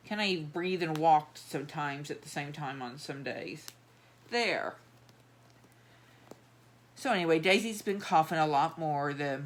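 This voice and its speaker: A middle-aged woman with a drawl chats on and on in a loose, rambling way, stopping and restarting her thoughts. Her voice sits a little low for a woman. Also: slight background noise. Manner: rambling, chatty, many fillers and restarts. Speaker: doll collector vlogger. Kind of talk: rambling casual chat while handling dolls.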